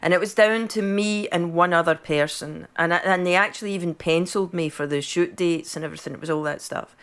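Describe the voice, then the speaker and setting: Chatty Scottish woman, lowish voice. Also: fairly quick, clean tone. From Scotland. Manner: chatty, storytelling, tags lines with "right?". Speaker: podcast co-host. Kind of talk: casual chat.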